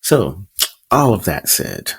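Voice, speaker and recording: A man co-hosting a podcast in casual chat, easygoing and quick to break into loud laughter. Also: deep voice, sing-song, vocal fry. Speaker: podcast co-host.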